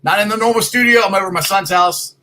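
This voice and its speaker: A man hosting a casual sports talk show from a home computer, loud and excitable, rambling with restarts. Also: high-pitched, fast, slight background noise, poor audio. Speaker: podcast host. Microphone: computer mic.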